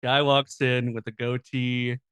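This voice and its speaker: A man's voice: medium pitch, flat delivery, fairly bright tone, clear, resonant tone, no room sound. Playful man co-host, dry sound. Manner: playful, quick reactions and jokes. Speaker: podcast co-host. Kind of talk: casual chat.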